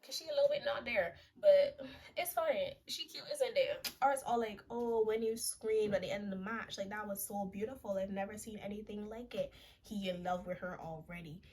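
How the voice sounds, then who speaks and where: Young woman vlogger, casual slangy movie recap, joking asides, mid-pitched voice. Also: moderate pace, a little mellow.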